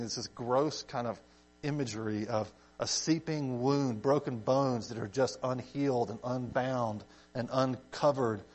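A man teaching a casual Bible study, reading scripture aloud and explaining it conversationally, often checking in with his listeners. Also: medium pitch. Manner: conversational, checks in with "okay?" and "right?", animated emphasis.

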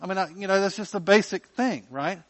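A man delivers a sermon in a relaxed, chatty way, often turning to his listeners with a quick "right?". His voice sits a little high for a man, and the sound is dry and close, with almost no room echo. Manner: conversational, frequent "right?" check-ins. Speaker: pastor. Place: church.

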